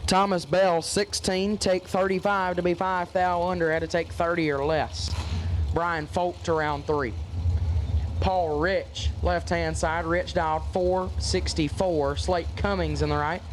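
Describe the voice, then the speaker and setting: Guy calling drag race numbers, real high voice, faint engine noise around. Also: level tone, a little slow. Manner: rattles off dial-ins and results. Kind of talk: live race commentary.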